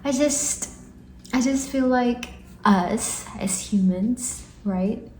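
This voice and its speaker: Slow-talking girl from india in her 20s, earnest pep-talk vlog, echoey room. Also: on the high side, a little mellow. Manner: earnest, encouraging, rambling with fillers. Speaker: vlogger. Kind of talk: casual talking-head vlog. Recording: echoey room, faint music.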